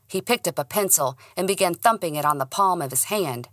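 A woman narrating a first-person audiobook with an expressive, dramatic delivery. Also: on the low side, brisk, hardly any pauses, no echo, studio quality.

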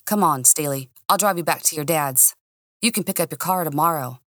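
A woman doing a brisk, placating young man. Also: deep voice, a bit bright, dry recording, studio quality.

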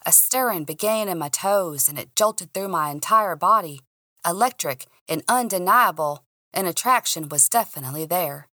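Woman podcast narrator, young adult, lowish, bright, expressive first-person reading. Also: dry recording, clean studio sound. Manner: expressive first-person storytelling with character voices. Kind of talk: scripted story narration.

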